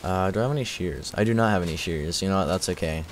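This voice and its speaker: A man streaming a game live, chatting casually with a slightly raspy voice and thanking viewers as he plays. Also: sits low, fast, a little hiss or hum. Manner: chatty, thanks viewers, repeats filler words. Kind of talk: casual livestream commentary while playing.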